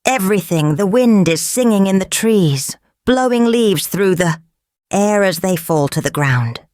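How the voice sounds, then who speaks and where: A woman's voice: medium pitch, expressive, a little slow, darkish tone, no echo, clean studio sound, voice pushed up, lightly acted. A woman doing a dreamy young lady.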